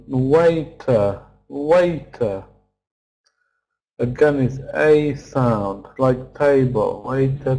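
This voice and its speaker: Very slow-talking male English teacher. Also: mid-range voice, dark tone, low-quality recording. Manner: repeats each word slowly and counts its syllables; patient, explains the stressed vowel sound step by step. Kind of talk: online pronunciation lesson.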